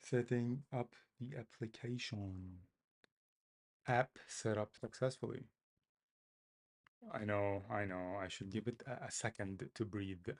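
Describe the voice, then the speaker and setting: A developer streaming his coding talks to himself in a lowish voice, muttering and repeating phrases in a self-mocking way. His intonation stays fairly even, he goes slowly, and he pauses often in this casual live-coding commentary.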